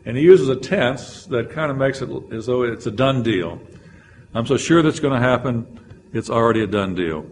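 A man's voice: medium pitch, moderate pace, slight background noise. A man teaching a Bible lecture, explaining verses and reading scripture aloud with frequent "uh" fillers.

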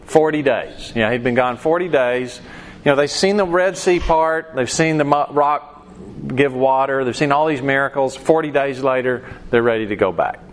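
A man's voice: medium pitch, moderate pace, a little hiss or hum. Conversational man teaching a Bible class. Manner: conversational, acts out quoted voices, poses questions to class. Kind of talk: Bible study lesson.

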